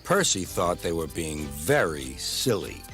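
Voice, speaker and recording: A man narrating a children's storybook tale slowly and unhurriedly. His voice rises and falls very expressively. Music plays clearly behind him. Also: low voice, sing-song. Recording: background music.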